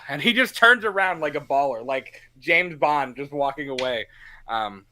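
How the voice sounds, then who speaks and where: A man's voice: fairly high pitch, animated, unhurried, bright, forceful tone. A man co-hosting a casual movie podcast, talking animatedly and acting out lines from the film in little voices. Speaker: podcast co-host.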